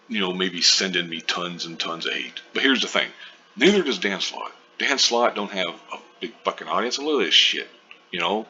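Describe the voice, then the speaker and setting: A man's voice: deep voice, pushed and bright. A man giving rambling, profane casual commentary, full of fillers and loose asides. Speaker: online commentary host. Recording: dull lo-fi with faint hiss.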